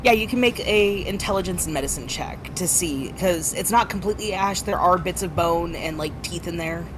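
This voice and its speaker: A woman's voice: lowish voice, moderate pace, noisy background. A woman game master casually explaining checks and describing scenes in a tabletop game.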